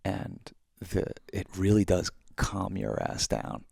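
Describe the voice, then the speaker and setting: Gravelly deep-voiced laid-back man. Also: very animated, slow, darkish tone, dry recording, studio quality. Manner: laid-back, rambling, many fillers. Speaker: podcast co-host. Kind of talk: casual podcast chat.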